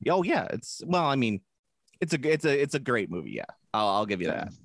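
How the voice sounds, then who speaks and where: A man co-hosting a podcast in casual chat, rambling and animated, often breaking into silly put-on voices. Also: mid-range voice, fairly quick, no room sound, clean studio sound. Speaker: podcast co-host.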